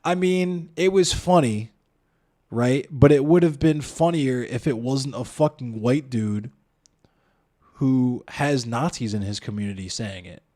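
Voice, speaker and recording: Unhurried and dark-toned, a man with a mid-range voice pushes his argument hard during heated live-stream commentary. He curses, doesn't soften anything, and speaks directly to his chat with rhetorical questions.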